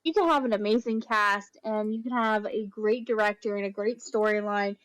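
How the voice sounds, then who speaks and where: A woman's voice: mid-range voice, steady tone, moderate pace, fairly bright tone, clear, resonant tone, dry recording, poor audio. A woman chatting on a casual podcast, enthusiastic and rambling, with many fillers. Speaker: podcast guest. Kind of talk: casual chat.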